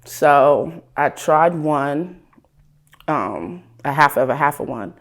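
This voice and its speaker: A woman from Ohio, a guest in an interview, speaking candidly and casually, her voice sometimes trailing off softly. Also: low voice, expressive, slow pace. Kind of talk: emotional personal interview.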